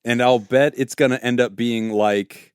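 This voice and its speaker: A man's voice: mid-range voice, fairly even intonation, moderate pace, clean tone, no echo, clean studio sound. A man co-hosting a podcast, swearing freely and laughing often in casual game banter. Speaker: podcast co-host.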